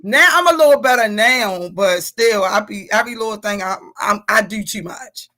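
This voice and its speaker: A woman in her forties hosting a casual live-streamed chat, telling stories in an animated, chatty way. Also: medium pitch, normal speed. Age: 40s.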